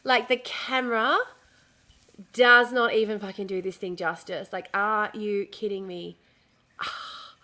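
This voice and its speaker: A woman's voice: mid-range voice, fairly even intonation, measured pace, bright, forceful tone. A woman in a casual livestream chat, rambling and easily distracted as she shows a dress she is sewing, swearing freely. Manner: talks while showing a dress she is sewing. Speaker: streamer.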